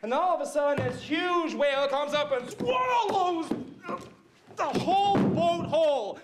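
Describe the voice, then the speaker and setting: A rambling, mixed-up storyteller, played by a man with a high voice who talks slowly and drags out his words. He is excitable and keeps checking in with his young listeners. It plays as a comic children's Bible skit. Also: background noise. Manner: rambling, excitable, fills with "right?" and "okay?". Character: rambling, mixed-up male storyteller retelling Bible stories to kids.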